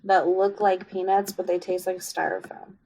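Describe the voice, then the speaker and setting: A woman's voice: lowish voice, level tone, moderate pace, vocal fry, mellow, breathy edge, rough recording. A young woman co-hosting a podcast in casual chat, wry and teasing. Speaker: podcast co-host.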